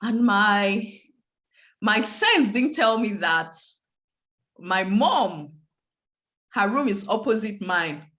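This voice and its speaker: A woman's voice: mid-range voice, animated, slow, long pauses, fairly bright tone, muffled recording. Woman telling a vivid personal story. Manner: vivid storytelling, acting out dialogue. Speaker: guest speaker. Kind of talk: personal storytelling on a conference call. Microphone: video call.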